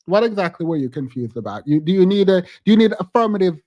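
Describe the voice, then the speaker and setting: A man's voice: sits high, sing-song, fast, mellow, no echo, muffled recording. A man hosting a podcast, giving casual, emphatic reality-TV commentary and laughing often. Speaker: podcast host.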